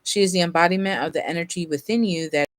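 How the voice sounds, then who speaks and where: A tarot reader of unknown age and with no accent talks fast in a mid-range voice during a casual reading to camera. Sleepy and yawning, they ramble and interrupt themselves with laughs and fillers, sometimes reading card meanings from a guidebook. No echo.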